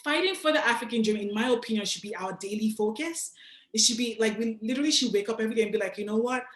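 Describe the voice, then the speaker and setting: A young woman from Nigeria delivers a lively, casual motivational talk, speaking straight to her audience with slang and asides. Her voice sits fairly high, and the sound carries a noticeable echo from the room. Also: quick pace. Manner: casual, animated, slangy, direct address to audience. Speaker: guest speaker.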